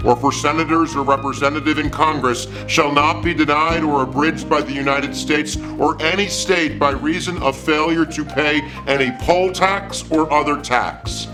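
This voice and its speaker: Man reading formally over guitar music. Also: fairly high pitch. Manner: slow, formal recitation.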